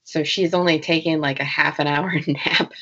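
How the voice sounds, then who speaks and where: A woman's voice: low-pitched, steady tone, normal speed, fairly bright tone, highs cut off. A woman co-hosting a casual podcast chat, laughing often and talking emphatically.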